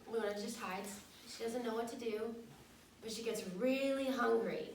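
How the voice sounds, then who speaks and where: A woman's voice: mid-range voice, far from the mic, slight background noise. A woman casually retelling a children's picture book in a loose, chatty way. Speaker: storyteller. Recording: echoey room, voice from off-mic.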